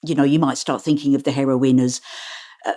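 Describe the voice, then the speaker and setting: A woman who works as an audiobook narrator, chatting casually in an interview, animated and laughing often. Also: rumbling low, fairly quick.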